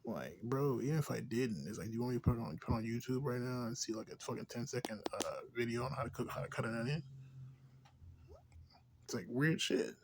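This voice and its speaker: A man ranting in a rambling, profane, casual way, drifting between low mutters and louder outbursts. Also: a little fast, background noise. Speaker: vlogger.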